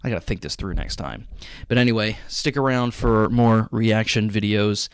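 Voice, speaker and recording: Gravelly man, shaken reaction host. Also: on the low side, dry recording, studio quality. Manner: rambling, halting, emotionally shaken. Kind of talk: casual reaction commentary. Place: at home at night.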